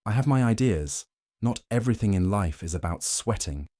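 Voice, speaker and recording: A man's voice: on the low side, animated, moderate pace, warm tone, no echo, clean studio sound, natural voice. A man voicing a lazy, dismissive village husband who grumbles about work. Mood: boastful. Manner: yawning, dismissive.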